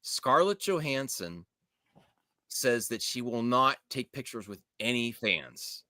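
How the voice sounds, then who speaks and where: A man hosting a podcast, chatting casually about movies with animated, opinionated rants and quick asides. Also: medium pitch, dry recording, clean studio sound. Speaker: podcast host.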